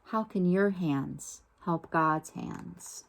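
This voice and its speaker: Female reader for a children's picture book: slow, gentle, somewhat low voice, stops to pose questions to listeners. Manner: gentle, unhurried, pauses to ask listeners questions. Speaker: storybook reader.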